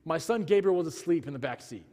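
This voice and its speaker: A man's voice: a little high, expressive, quick pace, dark tone, in a large hall. A man in his thirties preaching a sermon, earnestly telling a family story and acting out the dialogue.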